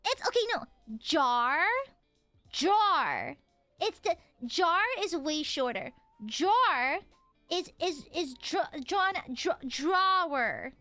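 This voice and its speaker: A woman's voice: high-pitched, lively intonation, extremely slow, sharp tone, dry recording, faint music behind. A young woman with a Southern US accent, chatting playfully and laughing as she streams a game. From American South. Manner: playful, laughing, teasing chat. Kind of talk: casual game stream chat.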